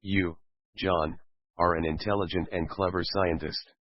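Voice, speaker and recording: A man's voice: deep voice, flat delivery, a little slow, no room sound. A man voicing a wry scientist who teases his colleague with mock praise. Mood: teasing. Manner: wry, teasing. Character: joking, ironic male scientist. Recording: dull lo-fi recording.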